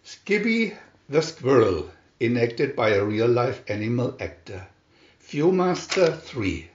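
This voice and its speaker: Man reading a kids storybook slow and sing-songy, echoey room, dull lo-fi sound. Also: mid-range voice, big pitch swings, slight background noise. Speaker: storybook reader. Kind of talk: storybook read-aloud. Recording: roomy, dull lo-fi home recording.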